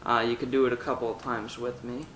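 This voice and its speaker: A man's voice: mid-range voice, little pitch movement, fast, echoey room, background noise. A man teaching a vocal technique lesson, talking through exercises step by step. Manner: demonstrates exercises with loud sung vowels and meows. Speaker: singing teacher.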